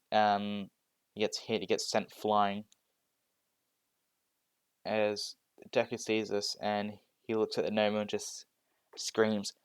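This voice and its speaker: A young man tells a made-up story slowly, stumbling over restarts and fillers. His low voice sounds smooth and clear. The room is dry, with no echo. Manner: hesitant, many restarts and fillers. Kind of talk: improvised fan-fiction narration.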